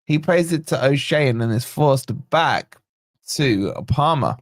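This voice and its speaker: A man hosting a live football watch-along, calling the play and greeting viewers by name in a chatty, excitable way. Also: mid-range voice, measured pace, no room sound, clean studio sound. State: yawning, tired. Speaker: fan channel host.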